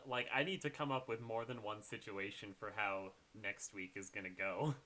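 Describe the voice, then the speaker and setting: Bright-voiced man, game master. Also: fairly low pitch, fairly even intonation, moderate pace. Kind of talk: casual chat before a tabletop game.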